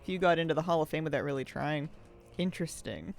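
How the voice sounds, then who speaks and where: A game streamer talking casually from a home office, chatty and rambling and quick to laugh. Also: mid-range voice, creaky, soft background music. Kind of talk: casual chat while streaming a video game.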